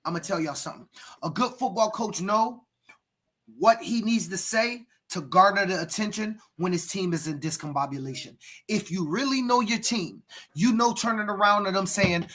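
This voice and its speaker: Podcast co-host, male youth football coach, bright husky voice, preachy, bursts into shouts. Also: sits high, normal speed. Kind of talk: animated podcast storytelling.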